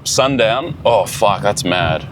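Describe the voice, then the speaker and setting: Excitable swearing man vlogging from a car. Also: on the low side, slow, background noise. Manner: excited, swears a lot, talks to himself. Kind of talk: casual travel vlog. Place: in a small car on a mountain road.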